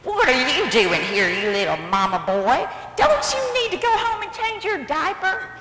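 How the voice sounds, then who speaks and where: A woman voicing a huge boastful male giant warrior who shouts taunting insults. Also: sits high, big pitch swings, normal speed, echoey room, big-room sound, very noisy, pitched above the performer's own voice.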